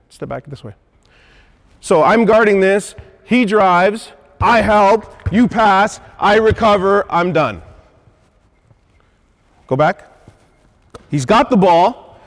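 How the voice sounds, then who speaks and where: A man's voice: high-pitched, big-room sound. A man coaching basketball on a court and demonstrating moves, checking in with "okay?" and "right?", a little out of breath. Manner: instructive, punctuates points with "okay?" and "right?". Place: gym.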